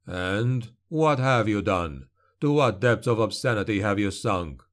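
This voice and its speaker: A man voicing a grim male witch hunter in an audiobook, speaking slowly, low and cold. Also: lively intonation. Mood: cold menace. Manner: slow, low, cold snarling delivery. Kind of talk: audiobook character voice.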